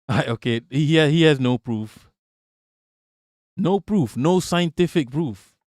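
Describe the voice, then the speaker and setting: A man's voice: a little high, expressive, slow pace, a little mellow, no echo, clean studio sound. Profane, mocking livestream host, man. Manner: profane, mocking, repeats himself, laughs often. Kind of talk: casual political rant on a livestream.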